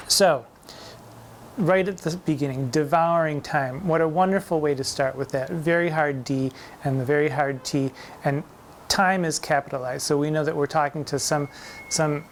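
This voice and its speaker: A man performing in drag who hosts a playful, theatrical talk on a sonnet and recites the verse slowly and emphatically. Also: on the high side, slight background noise. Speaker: drag performer hosting a poetry show. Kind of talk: campy poetry lecture with recitation.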